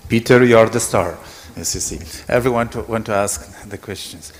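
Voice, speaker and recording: A man moderating a conference Q&A in a polite, hesitant, halting way. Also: lowish voice, slight background noise. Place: conference hall. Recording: long reverb in a conference hall.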